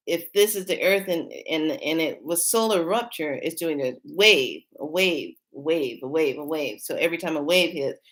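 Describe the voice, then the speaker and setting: A woman with a slightly low-pitched voice talks straight to her viewers in a casual spiritual vlog. She rambles and restarts her sentences often, then gets excited and hurried as the story builds. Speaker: spiritual channel host.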